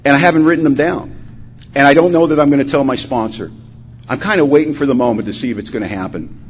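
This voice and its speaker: A man's voice: medium pitch, quick pace. Dull lo-fi talk from a man in recovery. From Washington state, USA. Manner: storytelling, acting out dialogue, emotional swings from loud to hushed. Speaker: recovery meeting speaker. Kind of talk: personal testimony talk. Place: conference hall. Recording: dull lo-fi conference recording, faint hum.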